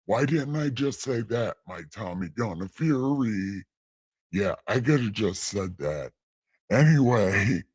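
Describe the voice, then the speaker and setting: A man's voice: mid-range voice, darkish tone, slightly rough. A man casually reading the Bible aloud on a late-night livestream, irreverent and rambling, stumbling over lines and swearing as he goes.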